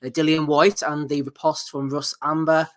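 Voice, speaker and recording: A man hosting a podcast segment briskly, running through a list between jokes. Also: on the high side, little pitch movement. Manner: brisk, runs the segment, lists items. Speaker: podcast host. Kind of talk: casual banter.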